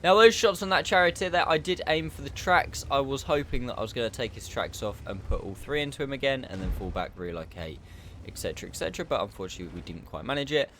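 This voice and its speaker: A man talking through his gameplay in a relaxed, chatty way, his pitch rising and falling a lot as he explains tactics. He mocks himself now and then. A faint hiss of noise sits under the voice. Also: fast talker. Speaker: gameplay commentator. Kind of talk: casual gameplay commentary.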